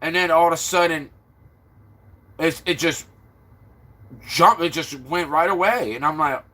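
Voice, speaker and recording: A man's voice: measured pace, pushed and bright. A stressed man from Florida rambling casually to his livestream viewers. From Florida, USA. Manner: rambling, talks to viewers, turns low and subdued.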